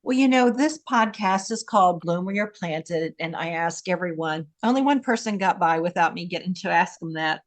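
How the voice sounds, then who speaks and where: A woman's voice: on the low side, animated, moderate pace, hardly any pauses. A woman hosting a podcast, chatting casually and asking her guest questions. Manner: friendly, asks questions. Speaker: podcast host. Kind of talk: casual interview.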